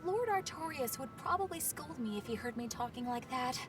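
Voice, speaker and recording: A woman's voice: sits high, animated, brisk. An actress playing an earnest, shy young woman exorcist in a game, musing and rambling in a flustered way. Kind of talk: game voice acting. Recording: game audio with music, from far off.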